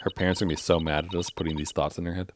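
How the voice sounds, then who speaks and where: A man's voice: deep voice, flat delivery, very fast, noisy background. A man reading video game dialogue aloud on a livestream, dropping wry asides between the characters' lines. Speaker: streamer. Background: game music.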